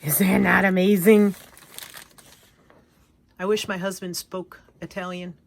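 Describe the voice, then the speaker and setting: Slow-talking, gushing crafting vlogger woman. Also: mid-range voice, gravelly. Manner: gushing, excitable, trails off in restarts. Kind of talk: casual show-and-tell chat.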